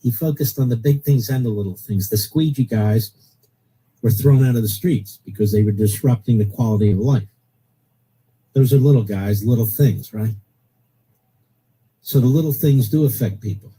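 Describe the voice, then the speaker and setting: A man's voice: mid-range voice, normal speed, long pauses, dark tone, slightly rough, poor audio. A middle-aged man hosting a political talk radio show, blunt and opinionated, repeating his points for emphasis.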